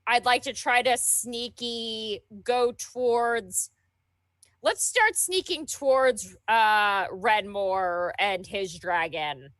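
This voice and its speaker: A woman's voice: fairly high pitch, slow, fairly bright tone, no room sound, studio quality. A woman playing a tabletop role-playing game, describing how her character sneaks. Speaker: player.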